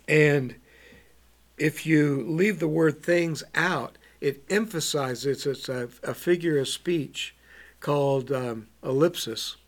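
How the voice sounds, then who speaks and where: A man preaching a bible teaching, slow and halting, with many ums and repeated words. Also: fairly high pitch.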